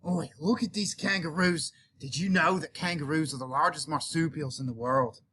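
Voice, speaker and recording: A man's voice: a little high, fairly even intonation, normal speed, sharp tone, slightly rough. A male teacher with a cold, hamming it up as a safari guide in a playful mock nature documentary and tossing out Aussie slang. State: has a cold.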